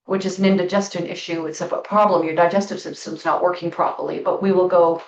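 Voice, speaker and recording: Middle-aged woman, spiritual talk host, casual storytelling, emphatic, slow stretched stresses, roomy echo, off-mic. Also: fairly low pitch, steady tone, far from the mic. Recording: echoey room, off-mic, dull sound.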